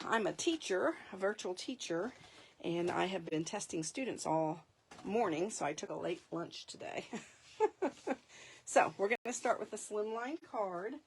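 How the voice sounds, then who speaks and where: A woman's voice: mid-range voice, breathy edge. A middle-aged woman hosting a live paper craft demonstration, chatty, laughing often and correcting herself mid-sentence.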